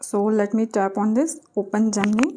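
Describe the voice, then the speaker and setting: Mellow woman demoing an app. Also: mid-range voice, steady tone, slight background noise. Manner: explanatory, halting with fillers. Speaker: tutorial presenter. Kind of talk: app demonstration.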